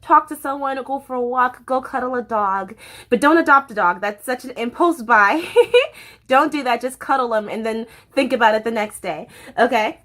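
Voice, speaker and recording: A woman's voice: on the high side, normal speed, fairly bright tone. A young woman chatting casually to camera as a vlogger, bubbly and chatty, swearing freely.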